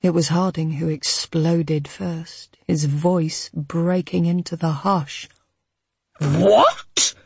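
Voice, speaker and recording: Brief: woman audiobook reader, unhurried, husky, close and dry. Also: low voice, fairly even intonation, darkish tone, no room sound. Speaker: audiobook narrator. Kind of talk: scripted novel narration.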